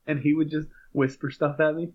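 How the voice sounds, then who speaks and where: A man's voice: a little high, flat delivery, a little fast, husky. Lo-fi laughing storyteller man. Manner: laughs while telling stories. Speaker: podcast co-host. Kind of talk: casual chat. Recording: dull lo-fi sound.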